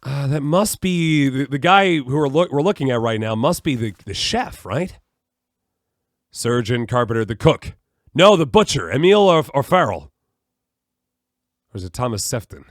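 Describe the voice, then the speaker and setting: A man's voice: mid-range voice, expressive, moderate pace, long pauses, dry recording, studio quality. A man streaming a video game, puzzling things out aloud and musing to himself as he plays. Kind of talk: live gameplay commentary.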